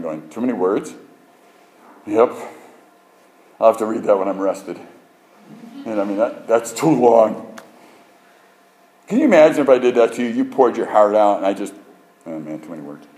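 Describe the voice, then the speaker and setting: Male preacher, sermon, low voice, animated, jokey, emphatic storytelling. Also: low-quality recording.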